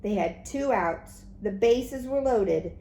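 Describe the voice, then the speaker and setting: A woman teacher reading a children's book aloud, animated and expressive, with soft whispered asides to the listeners. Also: medium pitch, slow pace. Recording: echoey room, faint background noise.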